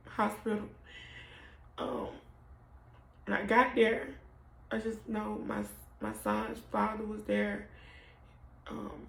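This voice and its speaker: A young woman tells the story of losing her son, halting and emotional, often trailing off. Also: mid-range voice, vocal fry. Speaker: mother telling her story. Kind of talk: personal storytelling to camera. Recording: roomy echo.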